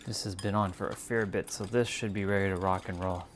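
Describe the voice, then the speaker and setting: Low-voiced man musing to his livestream chat. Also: fairly quick, slight background noise. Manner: relaxed, musing, with fillers and restarts, talking while cooking. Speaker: livestream host. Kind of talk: casual spiritual talk to live chat. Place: home kitchen.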